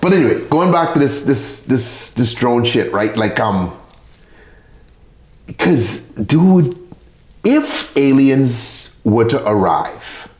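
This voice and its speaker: A man hosting a casual podcast, swinging his pitch up and down as he rants loosely and swears freely. He stumbles and restarts often, and the room around him adds a clear echo. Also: takes it slowly. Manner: loose, profane and animated, with restarts. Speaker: podcast host. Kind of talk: casual chat.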